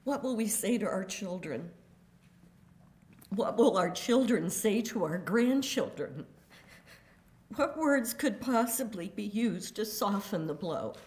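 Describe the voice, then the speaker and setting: Older woman, victim's daughter, slow deliberate courtroom statement, mid-pitched voice. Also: animated, darkish tone. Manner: grave and deliberate, measured emphasis. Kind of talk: reading a prepared court statement.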